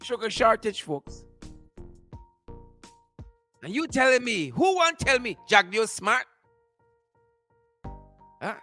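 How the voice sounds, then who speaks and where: Guy ranting about politics, high bright voice, keeps repeating himself, music in the back. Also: takes it slowly, pauses often. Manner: animated, mocking, repeats phrases for emphasis. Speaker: show host. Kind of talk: political commentary monologue.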